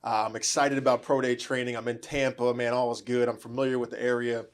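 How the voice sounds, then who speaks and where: A man telling a story in casual conversation, animated and laughing, acting out the dialogue. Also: medium pitch, fast.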